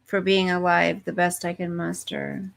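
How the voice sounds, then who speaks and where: She runs a relaxed live chat from home while fireworks pop outside, reading out viewer comments and talking to them directly, easily sidetracked and chatty. Her low voice is completely flat, unhurried and full of vocal fry.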